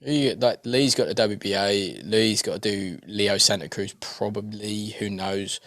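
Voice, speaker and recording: A man's voice: fairly low pitch, a little slow, no room sound, studio quality. A man co-hosting a podcast, chatting casually and animatedly about boxing, swearing freely and jumping between points. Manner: animated, swearing, jokey with mimicked voices. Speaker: podcast co-host.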